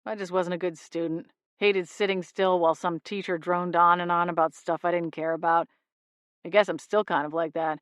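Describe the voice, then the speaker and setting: A woman's voice: level tone, moderate pace, no room sound, lightly acted. A woman doing a laid-back rule-breaking young man. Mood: easygoing. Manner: easygoing, gruff and low on the phone.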